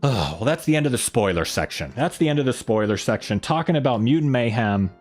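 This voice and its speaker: A man's voice: mid-range voice, animated, a little fast, a little mellow, soft background music. A man hosting a casual live stream, rambling along and reading viewer comments aloud.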